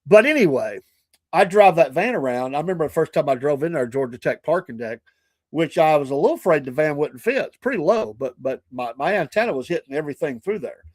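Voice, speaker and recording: A man's voice: fairly high pitch, expressive, a little fast, a little mellow, no room sound. A middle-aged man, hosting a morning show and telling rambling, chatty stories full of asides and self-corrections. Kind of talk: casual storytelling.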